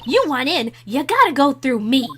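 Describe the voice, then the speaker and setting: A woman's voice: high-pitched, big pitch swings, normal speed, bright, forceful tone, a little hiss or hum, pitched above the performer's own voice, full character voice. A woman voicing a bossy old female security guard who scolds and grumbles about young people, with game music behind her. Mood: scolding.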